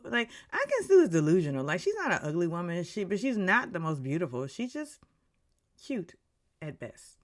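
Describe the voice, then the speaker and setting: A woman ranting through a reality-show recap in a low-pitched voice that swoops all over the place. She is blunt and gossipy, tossing off opinions and slipping into voices for the people she describes. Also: very animated, moderate pace. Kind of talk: casual recap rant.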